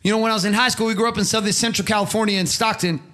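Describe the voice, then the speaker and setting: A man's voice: sits high, fairly even intonation, rapid-fire, fairly bright tone. A middle-aged man giving an impassioned motivational monologue, preachy and emphatic, swearing freely. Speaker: motivational speaker.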